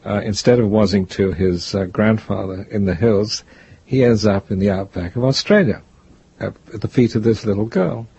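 An older man, a guest author, telling stories in an interview in a rambling, reflective way with a gravelly, husky voice. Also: lowish voice, moderate pace, dark tone, lo-fi sound. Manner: rambling, reflective, restarts often. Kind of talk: interview, storytelling.

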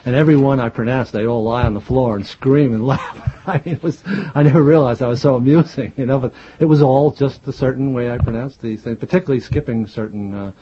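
A man's voice: medium pitch, fast talker, few pauses, dark tone, slight background noise. A man in his sixties with a Jersey City accent that drops R's, talking about his past as an interview guest, with many hesitant uh's and chuckles. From Jersey City, New Jersey. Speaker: guest, historian and novelist. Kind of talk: reflective interview conversation. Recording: dull lo-fi recording.

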